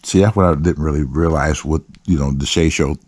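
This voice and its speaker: Deep-voiced man telling stories. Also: fairly quick, darkish tone, breathy edge, no room sound, studio quality. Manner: rambling, profane, laid-back. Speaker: host. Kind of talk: casual storytelling.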